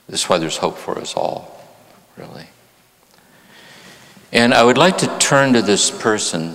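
A man's voice: low-pitched, vocal fry. A man, a therapist and spiritual teacher, giving a reflective talk to a live audience in a church. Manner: reflective, slows and softens on key phrases. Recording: long hall reverb in a church.

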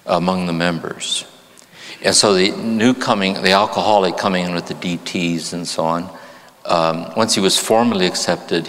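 A man, a therapist and spiritual teacher, giving a reflective talk to a live audience in a church. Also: sits low. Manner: reflective, slows and softens on key phrases. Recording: long hall reverb in a church.

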